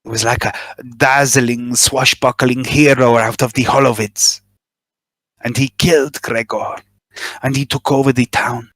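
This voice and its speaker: A man voicing a nervous middle-aged body smuggler in a tabletop game, confessing in a halting, self-justifying way. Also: mid-range voice, flat delivery, a bit bright, dry recording, natural voice. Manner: halting, eager to justify himself.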